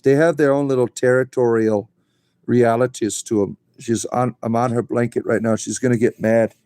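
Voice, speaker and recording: Mellow-voiced man chatting to his rabbits. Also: medium pitch, steady tone, normal speed. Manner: rambling, talks to his rabbits and reads out chat. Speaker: livestream host. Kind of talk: casual livestream chat. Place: indoors at home, beside his rabbits. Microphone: phone.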